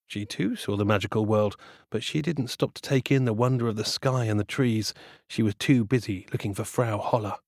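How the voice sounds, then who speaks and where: A man telling a fairy tale for children in an expressive, playful way. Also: mid-range voice, dry recording, clean studio sound. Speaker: storyteller. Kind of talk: storytelling for children.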